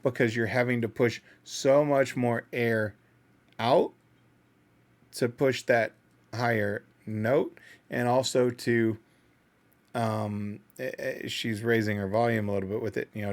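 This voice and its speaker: A man's voice: mid-range voice, fairly even intonation, unhurried. Man musing through a music reaction. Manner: thinking aloud, analytical and self-doubting. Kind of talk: casual reaction commentary.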